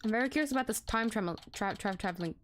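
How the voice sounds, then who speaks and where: A woman's voice: medium pitch, lively intonation, rapid-fire, a bit bright, slight background noise. A young Australian woman chatting and giggling through a game playthrough, reading the characters' lines aloud. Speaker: streamer.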